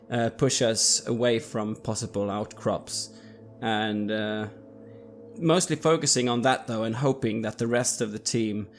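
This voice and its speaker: Lowish-voiced man, careful tabletop player. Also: slight background noise. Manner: careful, halting with fillers. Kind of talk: describing actions in a tabletop game.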